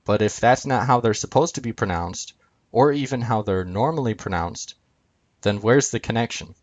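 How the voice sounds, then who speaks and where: A man's voice: mid-range voice, moderate pace, dry recording, muffled recording. A man explaining a chart on screen, talking hesitantly with many filler sounds. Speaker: video presenter.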